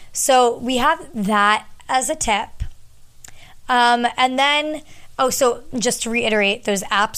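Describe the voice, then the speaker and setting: Young woman, slightly high and smooth-voiced, casual rambling host sharing travel advice. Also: fairly bright tone. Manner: chatty, rambling, many fillers.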